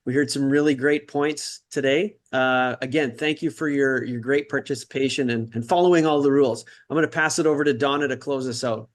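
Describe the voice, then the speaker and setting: Male moderator, friendly and relaxed, middle-pitched, video call. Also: a little fast, few pauses. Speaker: forum moderator. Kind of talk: moderating a forum.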